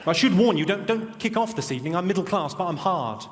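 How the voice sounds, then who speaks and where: Posh deadpan comedian, high voice. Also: male voice, fast talker, slight background noise. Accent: southern English, posh. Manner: deadpan one-liners, posh voice. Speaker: stand-up comedian. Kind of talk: stand-up set. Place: large theatre stage. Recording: live theatre, roomy, loud crowd. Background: audience laughter.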